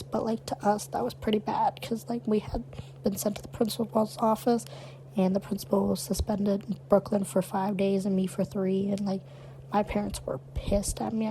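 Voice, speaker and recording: Young woman co-host, warm low-key tone, blunt and lively in telling it. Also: a little hiss or hum, rough recording. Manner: animated, blunt storyteller. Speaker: podcast co-host. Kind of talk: casual storytelling chat.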